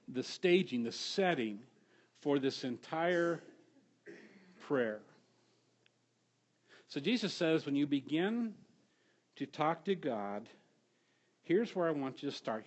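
A middle-aged male pastor preaching a sermon, telling stories with animated swings from hushed to loud. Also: medium pitch, husky.

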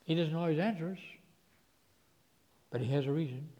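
A man preaching a sermon, telling a personal story, his voice swinging from hushed to loud. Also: on the high side, moderate pace, in a large hall.

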